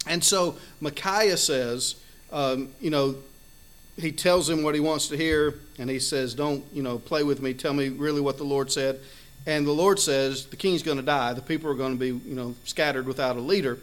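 Man, preacher, earnest conversational sermon, somewhat high voice. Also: normal speed, a bit bright. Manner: conversational, earnest, frequent "you know" fillers. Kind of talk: sermon with scripture reading.

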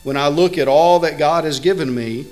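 A man delivers a sermon in an earnest, building way, leaning hard on the words he wants to land. His voice sits a little high for a man. He stumbles and restarts now and then like a pastor speaking without a script. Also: normal speed, darkish tone, low-quality recording. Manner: earnest, builds emphasis on key words, with some fillers and restarts.

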